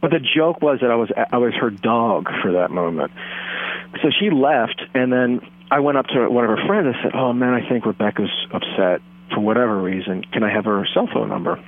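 A man in his thirties on a phone line, telling a rambling, earnest, self-deluded story in a deadpan comic way. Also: medium pitch, brisk.

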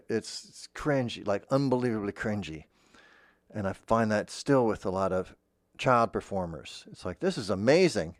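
A man's voice: on the low side, no echo, clean studio sound. A man in a mock-earnest improvised comedy monologue, playing a voice-acting teacher who rambles and keeps interrupting himself.

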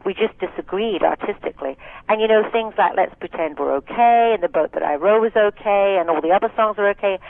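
A woman's voice: medium pitch, brisk, vocal fry, dry recording, soft background music. A woman in her sixties from Scotland, a singer and actress telling frank, chatty stories with many asides in a casual interview. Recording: tinny phone line, dry.

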